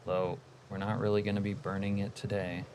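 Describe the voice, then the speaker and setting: A young man talks loosely while he plays, drifting from one chat question to the next in a laid-back, rambling way. His voice sits fairly low, and a faint layer of background noise runs under the recording. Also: little pitch movement, a little fast. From United States. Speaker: streamer. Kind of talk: casual livestream chat while gaming.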